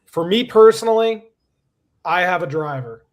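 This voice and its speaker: A man's voice: sits high, animated, normal speed. A man giving a motivational speech, emphatic and repeating his key phrases.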